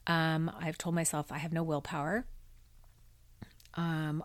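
A woman's voice: deep voice, flat delivery, measured pace, no echo. A middle-aged woman hosting her own podcast, telling a personal story candidly and emotionally, with many fillers. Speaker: podcast host. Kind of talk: personal monologue.

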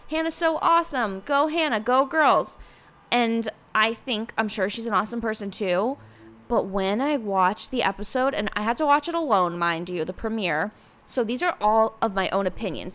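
A woman's voice: a little high, fairly bright tone. A young adult woman hosting a casual solo podcast, talking in a chatty way full of "like" fillers and acting out quotes. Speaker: podcast host.

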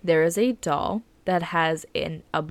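A woman's voice: fairly low pitch, no room sound. Joking young woman podcast co-host. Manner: jokey, interjects with quick reactions, swears. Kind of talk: casual chat.

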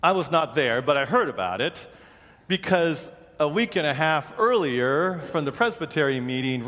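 A pastor with a medium-pitched, somewhat bright voice preaches a sermon, and his words trail off into a long reverb tail. He tells stories and acts out the voices of the people he quotes.

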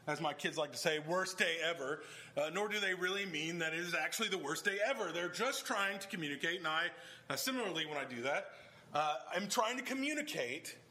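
Male pastor, middle-aged, high and lively delivery, conversational sermon with emphatic peaks. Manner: conversational preaching, rising to emphatic bursts. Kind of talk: expository sermon.

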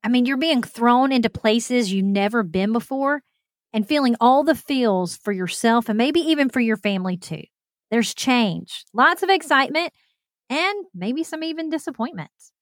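A woman's voice: fairly high pitch, animated, normal speed, no room sound, clean studio sound. A woman, hosting a podcast and telling a self-deprecating personal story straight to her listeners. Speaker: podcast host.

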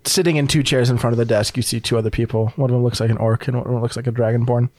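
A man's voice: medium pitch, steady tone, racing, darkish tone, no room sound. A young man narrating as game master, casual and rambling with many fillers.

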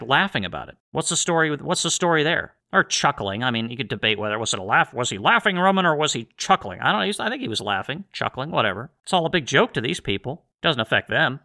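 A man's voice: mid-range voice, pushed and bright. A man delivering a sarcastic political rant to his viewers, firing off rhetorical questions. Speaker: political commentator. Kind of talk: ranting monologue to viewers.

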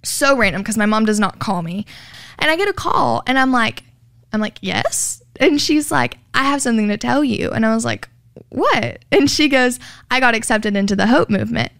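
A woman with a slightly high, fairly bright voice, lively intonation, and vocal fry tells her personal story at a fairly quick pace. Speaking as an interview guest giving a personal testimony, she is earnest, says "like" constantly, and acts out what people said. The clean studio recording is dry, with no room sound.

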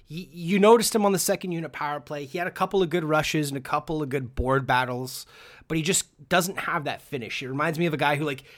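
A man's voice: fairly high pitch, fast, fairly bright tone. A man co-hosting a casual sports podcast, chatty, with many fillers and restarts. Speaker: podcast co-host.

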